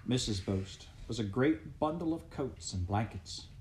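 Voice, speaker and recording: A man reading a storybook aloud in gentle, steady scripted narration. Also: medium pitch, a little slow, a little hiss or hum, rough recording. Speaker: audiobook reader.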